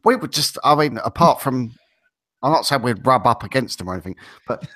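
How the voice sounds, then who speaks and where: A man's voice: mid-range voice, a little fast. A man with an English accent, co-hosting a casual talk show and telling long rambling stories. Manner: rambling storytelling, animated. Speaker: co-host. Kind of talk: casual podcast banter.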